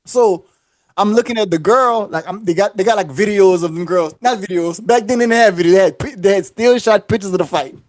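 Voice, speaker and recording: A man's voice: high voice, fairly quick, no echo. A man telling a long story casually on a podcast, acting out the voices and laughing often.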